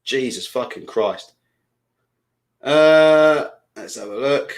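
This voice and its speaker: A man hosting a live boxing stream, reading viewer comments and ranting loudly in a deliberately amped-up, swearing way. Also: mid-range voice, lively intonation. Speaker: boxing channel host.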